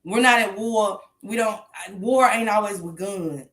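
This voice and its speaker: A woman's voice: medium pitch, measured pace, fairly bright tone, roomy sound. A woman hosting a casual morning commentary show, talking bluntly and emphatically with plenty of swearing.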